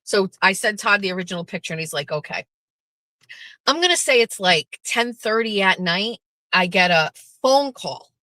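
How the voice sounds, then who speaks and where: Bright-voiced woman telling a blunt story. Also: medium pitch, moderate pace, no room sound. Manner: animated, blunt, swears freely, acts out quotes. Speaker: show host. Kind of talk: casual storytelling monologue.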